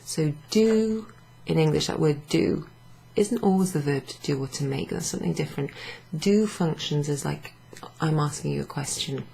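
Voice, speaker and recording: A woman's voice: sits low, normal speed, gravelly, hardly any pauses, mellow, slightly rough, low-quality recording. A tired woman teaching a casual language lesson, explaining patiently while writing examples on a board. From Wales.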